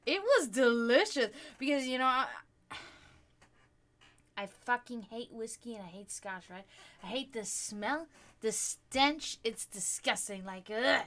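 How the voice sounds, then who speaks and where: A woman hosting a livestream, chatting casually with her viewers and telling stories in an animated, profane way. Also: on the high side, measured pace, long pauses. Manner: chatty, swearing freely, animated storytelling. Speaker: livestream host. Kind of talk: casual chat with stream viewers.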